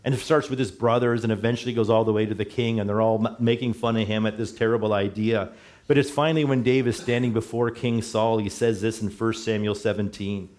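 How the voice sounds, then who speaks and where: This middle-aged pastor speaks fast in a fairly low, steady, somewhat dark voice while preaching a sermon in church. His delivery is conversational, and he corrects himself as he goes, chuckling at his slips.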